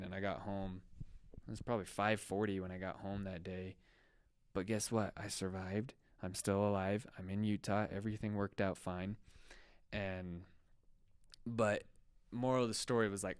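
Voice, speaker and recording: A man's voice: on the low side, smooth, dry recording. A young man co-hosting a podcast, telling a story in a loose, chatty way full of fillers. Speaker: podcast co-host. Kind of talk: casual storytelling chat.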